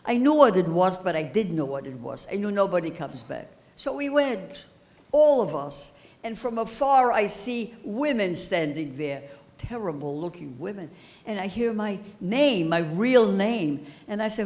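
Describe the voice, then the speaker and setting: A woman in her eighties giving a personal testimony as keynote speaker, slow and halting, repeating phrases as she grows emotional. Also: medium pitch, animated, darkish tone. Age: 80s. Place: high school event hall.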